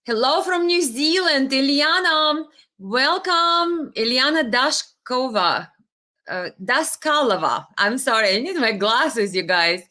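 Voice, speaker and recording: A woman's voice: sits high, animated, takes it slowly, sharp tone. A woman hosting a casual live stream, chatting with viewers and greeting them by name, sometimes stumbling over names.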